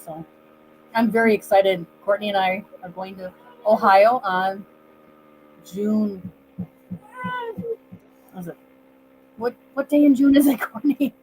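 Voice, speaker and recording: A woman's voice: medium pitch, measured pace, darkish tone, slight background noise, rough recording. A woman co-hosting a casual live stream over a video call, chatty and a bit apologetic, with light laughs. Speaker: co-host.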